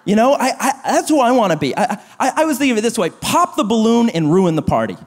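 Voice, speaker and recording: High-voiced man preaching in a hall. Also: fast talker. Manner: animated, self-deprecating, acts out quoted gossip. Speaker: pastor. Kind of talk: sermon. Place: church auditorium. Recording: long reverb of a large hall.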